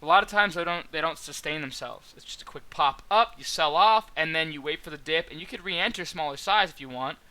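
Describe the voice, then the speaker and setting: A man's voice: fairly high pitch, brisk, hardly any pauses, pushed and bright. A young man talking casually as a trading mentor, rambling through his trades with many fillers and restarts. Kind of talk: casual trade recap to viewers.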